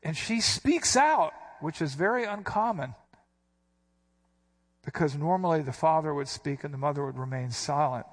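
A man preaching a sermon, walking his listeners through scripture verse by verse. His voice sits a touch higher than most men's, and he leans hard on key phrases as he explains word meanings. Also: moderate pace, long pauses. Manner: teaching, emphatic, explains Greek words. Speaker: pastor.

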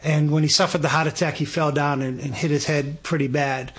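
Guy in his 40s, husky, kinda high voice, all worked up telling a story, trips over his words. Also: fairly quick. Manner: excitable, stammering restarts, acts out dialogue. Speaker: guest. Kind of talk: animated storytelling.

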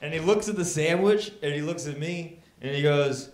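A man doing stand-up comedy, telling a story and shouting his punchlines. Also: fairly high pitch, normal speed. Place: comedy club with live audience. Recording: echoey club, crowd laughing.

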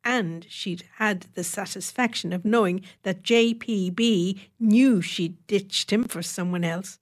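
A woman reading an audiobook in a measured, wry storytelling manner. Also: mid-range voice. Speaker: narrator. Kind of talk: audiobook narration.

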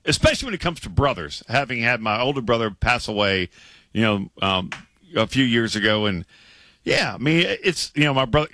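Male sports radio co-host, bright forward voice with lots of pitch movement, teasing and lively. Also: a little fast, a little hiss or hum. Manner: lively, teasing, talks in bursts. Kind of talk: casual sports talk. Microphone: studio microphone.

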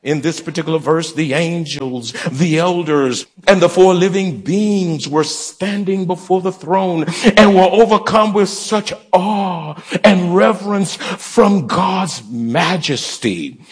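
High husky voice of a preacher. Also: male voice, slow pace, hardly any pauses. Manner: call-and-response preaching, exhorting the congregation. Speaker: pastor. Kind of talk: sermon. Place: church sanctuary.

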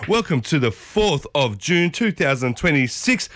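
A man in his thirties with an Australian accent and a husky voice from a sore throat, hosting a morning radio show from a studio in an energetic, playful, chatty way. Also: on the high side, measured pace, no room sound. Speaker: radio host. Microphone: studio microphone.

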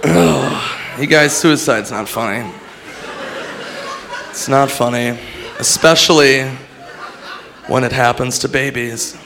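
A man doing a crude stand-up bit, quick and loose, breaking into shouted voices. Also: mid-range voice. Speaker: stand-up comedian. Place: comedy club stage. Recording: live club with crowd noise. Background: audience laughter.

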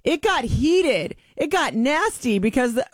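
A woman's voice: high voice, a little slow, no room sound. Chatty woman radio host, dry studio sound. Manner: chatty, animated storytelling. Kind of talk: casual chat.

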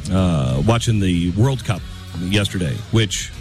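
A man's voice: sits low, expressive, takes it slowly, a little mellow, soft background music. A man hosting a talk radio show, chatting in a loose, rambling way with lots of ums and restarts. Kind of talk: casual talk radio monologue.

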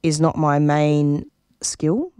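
A middle-aged woman with a low voice speaks in earnest, reflective interview answers. She often starts a phrase over while she searches for the right words. The recording is dry and close, with no room sound. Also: slow, dark tone, smooth, dry recording. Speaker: radio show producer and interviewee.

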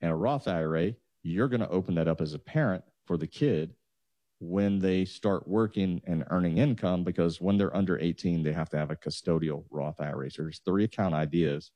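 A man's voice: low-pitched, warm tone, no room sound. A man, a financial advisor patiently walking listeners through numbers on a talk show. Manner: explanatory, walks through numbers step by step.

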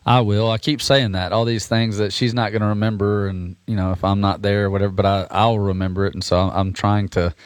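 Low-voiced man chatting as a radio guest. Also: a little fast, hardly any pauses, clean tone, no echo. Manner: relaxed and rambling, with many restarts and fillers. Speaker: guest musician. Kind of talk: casual radio interview.

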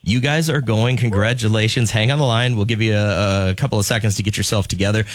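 A man's voice: on the low side, steady tone, quick pace, dry recording. A man hosting a morning radio show, running a call-in contest with joking game-show patter. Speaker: radio host.

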